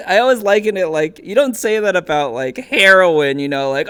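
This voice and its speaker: A young woman talking casually as an interviewer on a stream. Her voice sits a little low, but it swings widely as she tells stories, laughs often and jumps into squeaky quoted voices. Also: lively intonation, normal speed, few pauses, a bit bright, clean tone.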